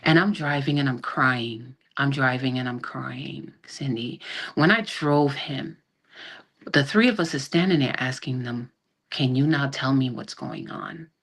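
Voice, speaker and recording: Very deep-voiced woman telling her story. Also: a little slow. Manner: animated retelling that acts out quoted dialogue, with frequent restarts. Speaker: guest, army sergeant. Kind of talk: personal storytelling in a podcast interview. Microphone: video call.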